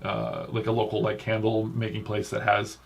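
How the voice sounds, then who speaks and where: A man's voice: lowish voice, monotone, normal speed, gravelly, slightly rough. A man hosting a podcast in casual chat, rambling with lots of fillers and restarts. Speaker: podcast host.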